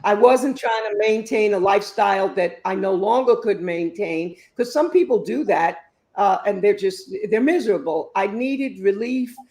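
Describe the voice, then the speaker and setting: A woman in her fifties, an author giving interview answers in an expressive, emphatic storytelling way. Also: medium pitch, moderate pace. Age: 50s. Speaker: author and guest.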